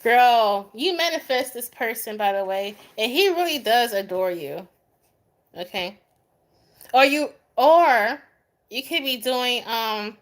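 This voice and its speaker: A young adult woman doing a live tarot reading, chatting with viewers by name in a goofy, easygoing way and laughing often. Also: a little high. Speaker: tarot reader.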